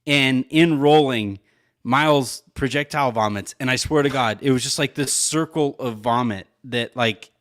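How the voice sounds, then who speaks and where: A man in casual podcast chat, telling a story at a mid-range pitch. He rambles, fills gaps with "like" and laughs often. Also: moderate pace, a bit bright. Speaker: podcast co-host.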